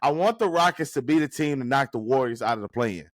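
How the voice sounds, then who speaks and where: A man's voice: medium pitch, animated, quick pace, dry recording, studio quality. A man co-hosting a casual sports podcast who talks emphatically and repeats his points for effect. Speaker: podcast co-host.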